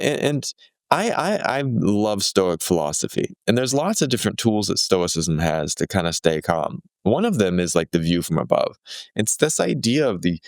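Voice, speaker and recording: A man with a low, gravelly voice hosts his own podcast and carries it alone. His pitch swings widely as he tells stories and acts out the characters in them. The sound is close and dry. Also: dry recording. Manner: animated storyteller acting out quotes. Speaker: podcast host. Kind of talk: solo podcast storytelling.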